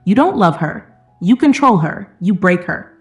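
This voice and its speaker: A woman's voice: fairly low pitch, moderate pace, soft background music. A woman voicing a defiant young man. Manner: steady, firm.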